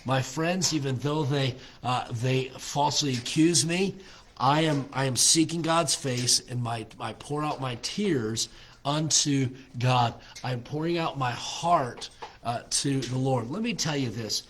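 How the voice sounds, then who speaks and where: A man leading a devotional Bible study as pastor, halting with many filler words and slowing down to press on the verses he quotes. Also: medium pitch, a bit bright, slight background noise.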